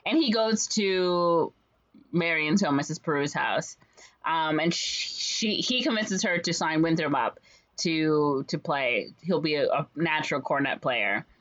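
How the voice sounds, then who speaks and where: A woman's voice: low voice, unhurried. Chatty woman recapping a story, lo-fi. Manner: animated retelling with frequent fillers and playful put-on voices. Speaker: podcast co-host retelling a musical. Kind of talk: casual chat.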